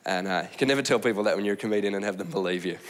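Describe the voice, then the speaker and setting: A man doing a stand-up comedy set, telling stories in an animated way and dropping into silly voices and mock languages. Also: lowish voice, very fast. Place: live comedy stage.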